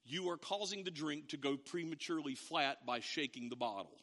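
A man preaching a sermon, telling a family story with animated, acted-out quotes. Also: a little high, moderate pace, long reverb tail. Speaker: pastor.

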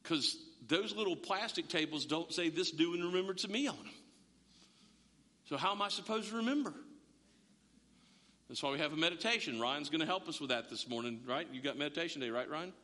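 Pastor guy preaching, joking around, high-ish voice, long echo in the church. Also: brisk, pauses often. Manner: conversational, humorous, animated storytelling. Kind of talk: sermon. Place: church sanctuary. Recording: long echo of a large hall.

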